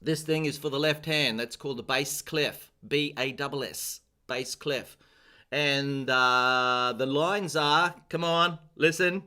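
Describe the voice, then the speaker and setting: A man teaching a casual live-stream piano lesson, chatty and self-deprecating, chanting rhythms aloud, his voice a little rough with throat-clearing and coughs. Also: mid-range voice, slow pace, bright, forceful tone. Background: piano playing.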